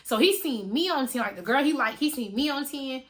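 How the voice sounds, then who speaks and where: A woman telling a story to her viewers in a casual, animated way, full of slang and swearing. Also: high voice, brisk. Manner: animated, slangy and profane, addressing viewers directly. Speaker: storytime vlogger.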